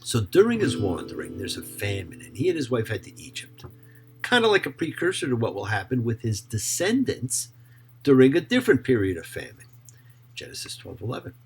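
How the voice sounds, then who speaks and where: A man who is a rabbi, teaching Torah in an emphatic, expressive way and often asking rhetorical questions. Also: mid-range voice, brisk, soft background music.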